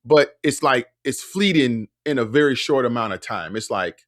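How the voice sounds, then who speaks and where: A man's voice: mid-range voice, expressive, moderate pace, hardly any pauses, a bit bright, dry recording, studio quality. A man in his forties hosting a podcast, asking thoughtful questions in a casual, reflective way. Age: 40s. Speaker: podcast host. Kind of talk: reflective conversational interviewing.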